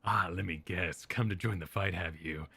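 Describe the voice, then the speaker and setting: A man voicing a swaggering, muscular male rebel with a low drawl in a game read-along. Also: normal speed, vocal fry, pushed and bright, husky, heavily acted. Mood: cocky.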